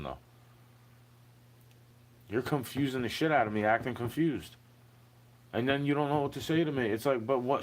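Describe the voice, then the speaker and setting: A man in a recorded monologue, ranting with profanity and firing off rhetorical questions. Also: mid-range voice.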